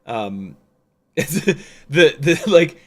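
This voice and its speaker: A man's voice: a little high, expressive, drawn-out words, a little mellow. A man talking casually on a livestream, rambling over his footage with lots of fillers, restarts and the odd swear. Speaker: drone pilot and streamer.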